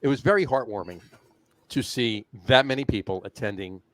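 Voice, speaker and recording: A man's voice: mid-range voice, a little fast, no room sound. A man co-hosting a casual beer podcast, rambling with fillers and restarts. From New Jersey. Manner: rambling, many restarts and fillers, laughs often. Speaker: podcast co-host. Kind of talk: casual chat.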